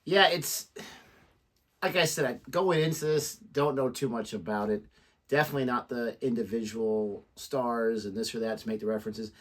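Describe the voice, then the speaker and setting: A man's voice: medium pitch, normal speed, fairly bright tone. Hesitant man chatting, full of "like". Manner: hesitant, lots of "like". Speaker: reaction channel co-host. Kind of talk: casual chat.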